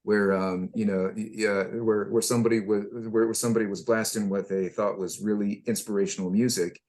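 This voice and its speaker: A man, a former tank crewman, telling army stories casually, halting and repeating himself. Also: fairly low pitch, fairly even intonation, darkish tone. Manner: halting, many restarts and fillers. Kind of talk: casual storytelling.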